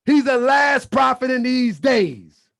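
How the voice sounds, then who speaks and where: A man hosting his channel, preaching in a fiery monologue with shouted, repeated lines and colloquial talk, a little under the weather. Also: very high-pitched, expressive, slow pace, creaky. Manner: colloquial, drops into muttered asides. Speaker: channel host.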